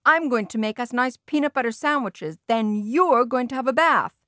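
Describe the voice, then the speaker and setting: A woman's voice: fairly high pitch, normal speed, fairly bright tone, dry recording, clean studio sound, pitched above the performer's own voice, close to an everyday voice. A woman reading an eager, coaxing dad. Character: cheerful, overconfident father cooking for his sons.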